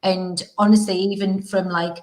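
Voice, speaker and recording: A woman's voice: medium pitch, level tone, moderate pace, a little mellow. A young woman hosting a podcast, talking frankly and emotionally in a rambling, casual way. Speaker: podcast host. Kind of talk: casual conversation. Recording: roomy echo.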